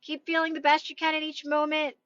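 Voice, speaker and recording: Woman, high voice, loud, emphatic, reassuring, live-stream coaching, dull phone audio. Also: completely flat delivery, fairly quick, dry recording. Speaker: manifestation coach. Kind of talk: casual live-stream advice talk.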